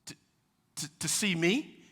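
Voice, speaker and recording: A preacher doing a nervous traveler in a restroom stall who stammers and hesitates. His voice is bright. The words ring out in a church hall with long reverb. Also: sits high, lively intonation, unhurried, husky, exaggerated voice. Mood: uneasy. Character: awkward, uneasy traveler in an airport stall.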